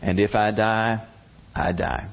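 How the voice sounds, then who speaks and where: A man's voice: lowish voice, fairly even intonation, slow pace, gravelly. A man voicing a young queen, speaking in an earnest, determined way on a dull lo-fi recording. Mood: resolute.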